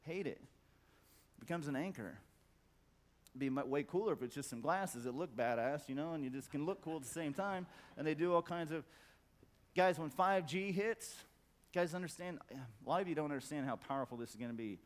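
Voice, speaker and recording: Blunt, profane man giving a fired-up talk. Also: fairly quick. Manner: blunt, profane, emphatic repetition; acts out quoted voices in a loud high squawk. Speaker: conference speaker. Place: conference hall.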